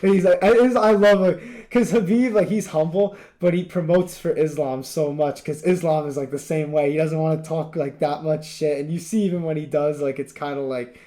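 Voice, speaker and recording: A man's voice: fairly high pitch, fairly even intonation, normal speed, few pauses, mellow. A young man co-hosting a podcast, talking in a rambling, emphatic casual way with lots of fillers. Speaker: podcast co-host. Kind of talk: casual chat.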